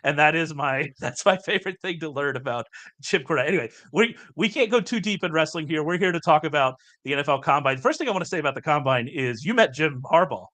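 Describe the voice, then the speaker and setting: A man's voice: on the high side, expressive, fast talker, fairly bright tone. A man hosting a podcast, chatting casually in an enthusiastic, talkative way. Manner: chatty, enthusiastic, laughs easily. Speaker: podcast host.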